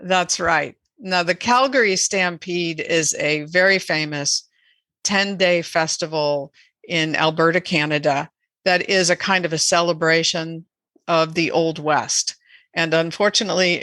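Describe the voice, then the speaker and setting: Woman guest, bright and forceful, dry close mic, measured and earnest. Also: low voice, no echo. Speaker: animal rights advocate guest. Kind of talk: podcast interview.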